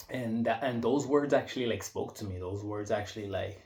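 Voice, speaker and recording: A man's voice: on the low side, fairly quick, few pauses, darkish tone. A man in his thirties talking casually and reflectively in an unscripted monologue, rambling with many restarts and fillers. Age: 30s. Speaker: vlogger. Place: indoor room.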